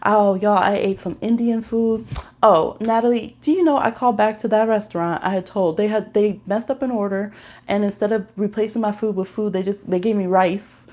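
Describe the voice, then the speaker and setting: A tarot reader on a relaxed livestream speaks at a moderate pace. She is gentle and nurturing over the cards, then becomes lively and talkative in her stories, often laughing and squealing in a high voice.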